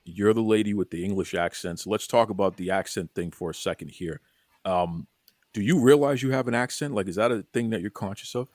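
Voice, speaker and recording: A man with a Boston accent hosting a casual podcast interview, energetic and folksy, often repeating his words. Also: lowish voice, fairly quick, no echo, studio quality. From Boston, USA. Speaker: podcast host.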